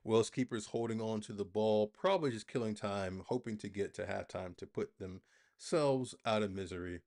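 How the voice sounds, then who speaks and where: Lowish-voiced man doing chatty live match commentary. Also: moderate pace. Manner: excitable play-by-play, chatty asides to viewers. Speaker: football watch-along host.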